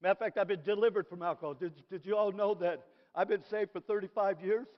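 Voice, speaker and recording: A middle-aged man preaching a sermon in an animated way, dropping to soft asides and rising to shouted praise. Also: high-pitched, quick pace. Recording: dull recording in a reverberant hall.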